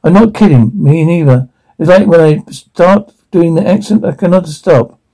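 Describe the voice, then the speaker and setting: A man's voice: fairly high pitch, normal speed, vocal fry, warm tone, rough recording. A man performing sketch comedy, switching between many characters.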